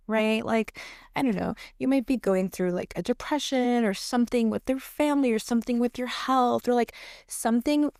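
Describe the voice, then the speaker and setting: A woman's voice: a little high, normal speed, a little mellow, smooth, no room sound, studio quality. A young woman hosting her own podcast late at night at home, talking frankly and profanely with lots of fillers and laughing through heavy topics. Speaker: podcast host. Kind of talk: candid solo podcast monologue.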